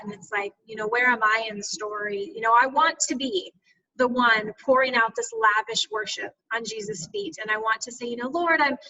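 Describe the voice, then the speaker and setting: A woman's voice: on the high side, sharp tone. A woman author retelling a Bible story and reflecting on it earnestly, with frequent fillers, over a video call. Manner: earnest, reflective, many fillers like "you know". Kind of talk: reflective personal storytelling in an interview. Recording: distant video call audio.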